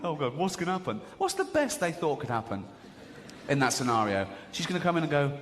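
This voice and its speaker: English comic with a lively, climbing voice. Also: male voice, fast. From England. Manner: swings into high squeaky exclamations and impressions. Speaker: stand-up comedian. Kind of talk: stand-up comedy set. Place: large theatre stage before a laughing audience. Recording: live hall recording with audience noise.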